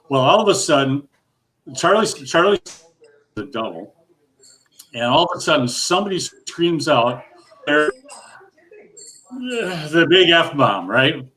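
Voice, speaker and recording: A man's voice: mid-range voice, fairly bright tone. An older man telling a long, rambling bowling story in casual chat, full of restarts and his own laughter. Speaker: guest storyteller.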